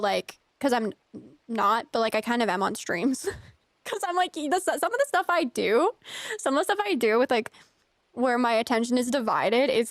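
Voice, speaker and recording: Streaming a farming game, this young woman from the US talks casually to her audience, giggly and peppered with fillers. She has a fairly high-pitched voice, recorded with no echo.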